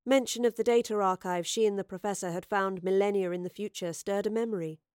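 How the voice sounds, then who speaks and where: A woman narrating an audiobook with measured, expressive storytelling. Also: mid-range voice, clean tone, dry recording, studio quality.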